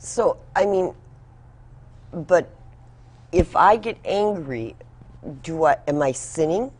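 A woman co-hosting a Bible program, introducing the segment and asking the pastor questions in a gentle, conversational way. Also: fairly low pitch, expressive, takes it slowly, slightly rough. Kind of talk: scripted introduction and interview questions.

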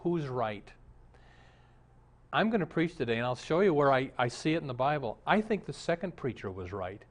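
A man's voice: mid-range voice, sing-song, moderate pace. Conversational man preaching a sermon. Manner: conversational preaching with jokes and direct questions. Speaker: pastor.

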